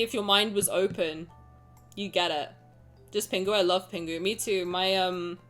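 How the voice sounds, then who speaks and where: A woman's voice: fairly low pitch, bright, forceful tone. A woman streaming a game, chatting casually with her viewers in a tired, rambling, self-deprecating way. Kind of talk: casual live-stream chat.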